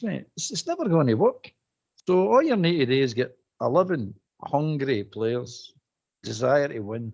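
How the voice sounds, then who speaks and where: A man's voice: mid-range voice, creaky, slightly rough, lo-fi sound. A man bluntly airing his views on a radio phone-in, repeating his points with heat. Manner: blunt, repetitive, animated. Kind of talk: casual phone-in opinion.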